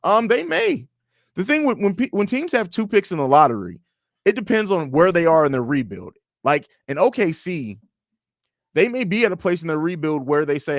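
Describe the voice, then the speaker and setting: A young man hosting a casual livestream, reading viewer comments aloud and answering them in a blunt, profane, animated way. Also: high-pitched, normal speed, no room sound, studio quality. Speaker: livestream host.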